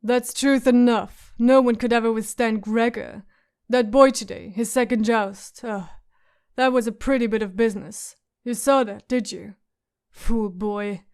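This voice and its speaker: A woman reading the part of a scarred, surly, drunk male warrior who rasps and mocks in an audiobook. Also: a little high, a little mellow, natural voice. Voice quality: rasping, mocking.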